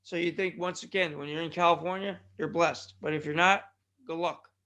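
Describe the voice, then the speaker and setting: A man with a high, bright and forceful voice hosts a solo wrestling podcast. He rambles from one aside to the next, joking at his own expense. He trips over his words and restarts his sentences as he goes. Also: fairly even intonation, moderate pace. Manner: joking, self-deprecating, rambling with tongue-tied restarts. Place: California.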